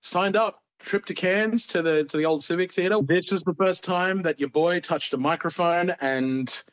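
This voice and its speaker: A man's voice: sits high, normal speed. A man, a stand-up comedian, telling stories in a casual interview and acting out the voices of people he quotes. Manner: animated, acts out quoted voices.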